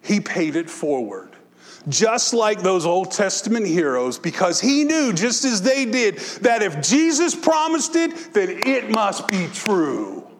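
A man preaching a sermon as pastor, moving between impassioned exhortation and soft, reflective storytelling. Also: sits high, big pitch swings, unhurried, slight background noise. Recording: long hall reverb.

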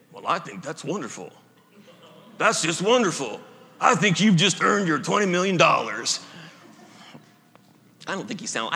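A male pastor preaching a sermon, emphatic, stretching key words with slow pauses and slipping in self-deprecating humor. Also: high-pitched, bright, forceful tone. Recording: echoey hall reverb.

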